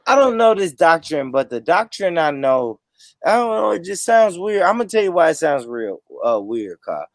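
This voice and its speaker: Emphatic gravelly-voiced man hosting a debate. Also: on the high side, big pitch swings, normal speed, dry recording. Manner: emphatic, repetitive, interrupting, profane. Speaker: podcast host. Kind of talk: heated casual debate.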